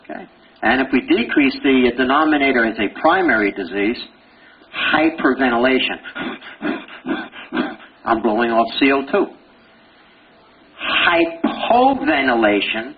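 An older man giving a lively pathology lecture, quizzing students with rapid questions and joking as he goes. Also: mid-range voice. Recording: dull lo-fi lecture recording with faint hiss.

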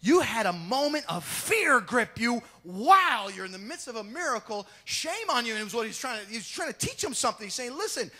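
Animated high-voiced male pastor. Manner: animated, acts out the Bible scenes in quick voices and shouts; jokes with the congregation. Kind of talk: sermon.

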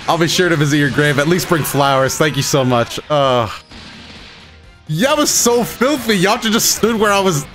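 A man giving live commentary on his own fighting-game matches, excitable, swinging between muttering and shouting, his throat a bit rough. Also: fairly high pitch, normal speed, soft background music. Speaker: gaming YouTuber.

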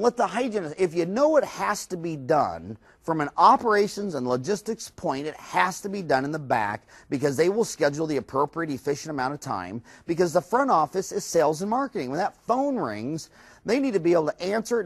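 A middle-aged man giving a course lecture to dentists, animated and quick to act out staff and patients. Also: on the high side, dry recording. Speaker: dental practice lecturer.

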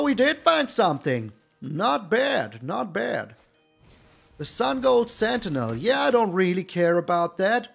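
High, animated gravelly man. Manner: animated, theatrical groaning at the opponent. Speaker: gaming channel host. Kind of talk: live gameplay commentary.

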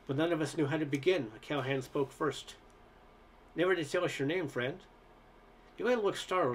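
A man narrating a story aloud in a relaxed storytelling manner, with occasional stumbles. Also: mid-range voice, slight background noise. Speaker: story reader. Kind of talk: audiobook narration.

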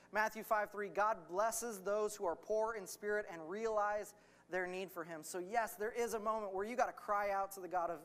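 A man's voice: high-pitched, fairly bright tone. A man preaching a sermon as pastor, talking to the congregation in an earnest, conversational way and reading scripture aloud.

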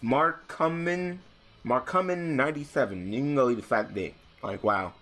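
A young man giving casual gameplay commentary, swearing and ranting in exasperation, swinging between mumbled asides and loud outbursts. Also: medium pitch, normal speed, faint music behind. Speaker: gaming channel host.

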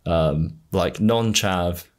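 A man's voice: sits low, slow pace. A man with a generic Southern English accent hosting a podcast in casual chat, often trailing off with fillers. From England. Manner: hesitant, trailing off with many fillers. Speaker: podcast host.

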